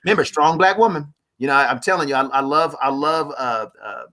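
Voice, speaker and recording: A man, a guest on a live talk show, telling stories about acting and family with big swings in pitch. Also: fairly quick. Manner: animated, preacherly storytelling with wide swings in pitch. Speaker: guest, actor and playwright.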